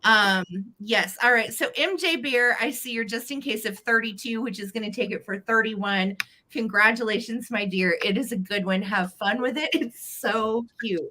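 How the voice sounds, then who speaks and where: A woman's voice: fairly high pitch, moderate pace, bright, forceful tone. A woman hosting a casual vintage live sale, giggling as she reads a children's book aloud. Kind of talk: casual live-stream selling chat.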